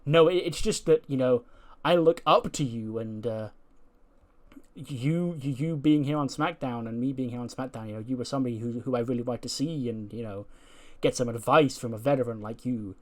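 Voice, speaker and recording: A man's voice: medium pitch, normal speed, close to an everyday voice. A man voicing a nervous, eager young female wrestler who stammers while playing detective. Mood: flustered. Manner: flustered stammering.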